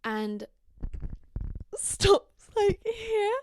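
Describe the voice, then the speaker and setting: A young woman from Scandinavia hosting a podcast, telling a story in an animated, gossipy way and swearing freely. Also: medium pitch, normal speed, a little hiss or hum. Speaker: podcast host. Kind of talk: casual storytelling chat.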